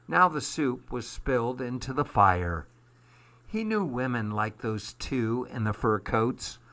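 A man reading a children's storybook aloud in a slow, measured way. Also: medium pitch, a bit bright. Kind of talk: storybook narration.

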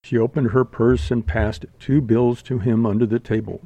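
A man narrating an audiobook in a measured, even reading. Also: medium pitch, no room sound. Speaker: audiobook reader. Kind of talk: scripted narration.

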